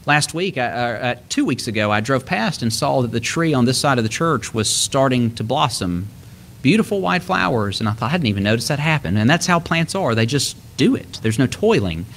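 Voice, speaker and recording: A man's voice: medium pitch, expressive, brisk, gravelly, fairly bright tone, a little hiss or hum. A middle-aged man preaching a sermon, explaining scripture earnestly and lifting his voice when he quotes it.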